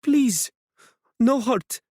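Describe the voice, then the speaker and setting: A woman's voice: on the high side, animated, drawn-out words, darkish tone, husky, dry recording, studio quality, pitched above the performer's own voice, heavily acted. A man voicing a desperate whispering woman. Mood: pleading. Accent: Middle Eastern. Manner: desperate, broken, near whisper. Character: frightened foreign woman hiding in tunnel.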